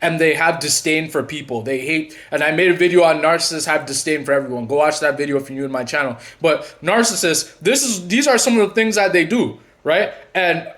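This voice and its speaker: A man hosting his own channel, talking casually to camera in a rambling way with many restarts, and going quiet and low when he retells conversations. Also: a little fast, hardly any pauses. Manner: rambling, restarts and repeats words often. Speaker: channel host and narcissism coach.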